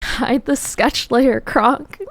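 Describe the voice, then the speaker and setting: A young woman chatting casually on a drawing livestream, excitable, repeating herself and laughing often. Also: high voice, extremely slow, no room sound. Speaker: art streamer.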